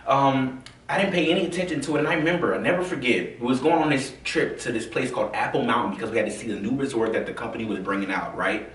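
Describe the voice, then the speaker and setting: A man from the American South telling his own story in a casual, animated way, full of fillers and acted-out quotes. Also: medium pitch, quick pace. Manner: animated, acts out quoted voices, many fillers. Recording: roomy, from a distance.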